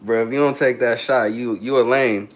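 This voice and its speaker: A man's voice: mid-range voice, fairly even intonation, normal speed. A man chatting casually on a phone livestream, joking and reading his chat aloud while queasy and burping after a hot sauce shot.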